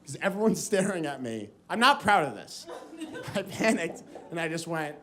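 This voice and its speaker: An American man telling a story in a stand-up set on a comedy stage, acting out voices with lively energy. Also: a little high, normal speed. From United States. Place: comedy stage before a live audience.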